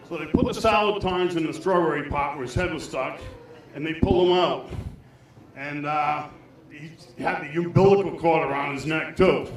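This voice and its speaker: A man performing a crude, rambling stand-up comedy set in a small club. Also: on the high side. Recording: echoey club heard from far off.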